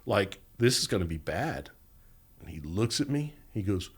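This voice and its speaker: A middle-aged man guesting on a podcast tells stories with animation in a low, husky voice at normal speed. He laughs often and acts out the voices of the people he quotes in this storytelling interview.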